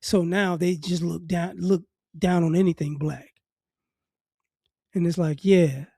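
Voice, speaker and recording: Blunt high-voiced man with a dark tone. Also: fairly even intonation, a little slow, gravelly, husky, no room sound, clean studio sound. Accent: faint Southern, New Orleans traces. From New Orleans. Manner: blunt, repeats words while building a point. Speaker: commentary vlogger. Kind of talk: casual opinion monologue.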